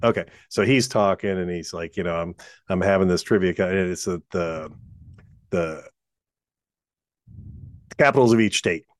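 Rambling man telling a story, low voice. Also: normal speed, pauses often, no echo, studio quality. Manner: rambling, restarts, laughs at own stories. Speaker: podcast co-host. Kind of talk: casual chat, telling anecdotes.

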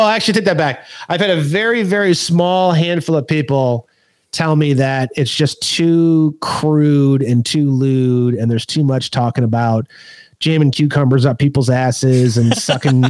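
A man talking as a guest on a casual podcast, swearing freely and laughing as he tells stories with lively mimicry. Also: medium pitch, dry recording. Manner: profane, laughing, animated storyteller.

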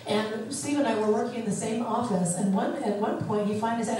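A middle-aged woman therapist talks animatedly, acting out the voices she quotes. Her voice sits a little high. She is recorded from off the mic in a very echoey room with faint background noise. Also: steady tone, fairly quick, few pauses, mellow, recorded from a distance. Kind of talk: teaching talk on self-talk.

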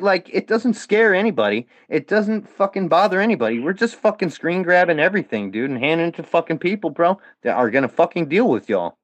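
Speaking as a podcast guest, a man who was once a comedian's fan fires off a heated, profanity-laced rant at his critics. His pitch is fairly high, and the recording is dry.

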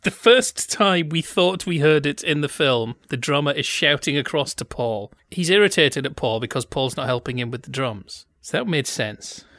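Giggly bright-voiced man. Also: fairly high pitch, lively intonation, moderate pace, few pauses, dry recording, clean studio sound. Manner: jokey, laughs often, playful tangents. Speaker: podcast co-host. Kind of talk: casual chat.

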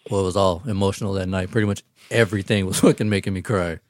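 A man's voice: deep voice, steady tone, fast talker, no room sound. A young man, the groom, chatting casually with friends and telling stories with lots of laughter and swearing. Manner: laughing, profane storytelling. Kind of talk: casual chat among friends.

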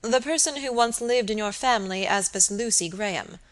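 A woman's voice: medium pitch, normal speed, close to an everyday voice. A woman reading an audiobook and voicing a grave, suspicious young male barrister who speaks with insistent earnestness.

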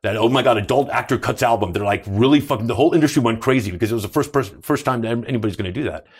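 A man's voice: mid-range voice, very fast, slightly rough. A man in his fifties, a podcast guest telling profane stories in casual talk and acting out what people said. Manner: profane, acts out quoted dialogue. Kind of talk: casual interview storytelling.

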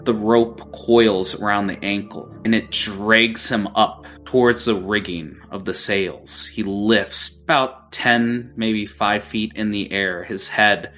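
A man's voice: lowish voice, fairly bright tone. A young man acting as game master, narrating a tabletop game in a vivid, casual way. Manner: vivid, casual, gory storytelling.

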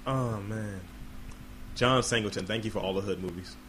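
A man's voice: lowish voice, normal speed, a little hiss or hum. A man hosting a podcast in casual comedic chat, swearing freely and acting out quoted voices. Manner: profane, animated, acts out quotes. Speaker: podcast host.

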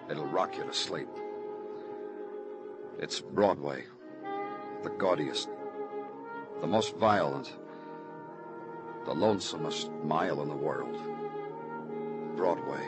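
An actor playing a measured police detective in a 1950s radio drama, who presses hard with his questions and also narrates. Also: extremely low pitch, exaggerated voice. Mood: brooding. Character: calm, probing male police detective. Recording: old radio broadcast with music.

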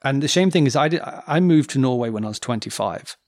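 Man, English accent, middle-aged, podcast host, lively anecdotes, dry close sound. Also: medium pitch, quick pace, dry recording. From England. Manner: animated storyteller, laughs often, acts out quoted voices. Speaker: dance teacher and podcast host. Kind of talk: casual chat.

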